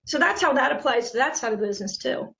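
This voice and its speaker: Woman real estate agent, animated podcast guest with a higher voice, muffled recording. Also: fast talker, creaky. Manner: animated, laughs often, acts out quotes. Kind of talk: casual podcast conversation. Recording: muffled lo-fi audio.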